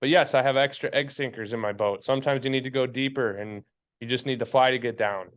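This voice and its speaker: A man's voice: medium pitch, steady tone, fast, highs cut off. Fired-up, swearing fly-fishing podcast man. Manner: blunt and fired up, swears freely, preachy. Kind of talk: casual chat.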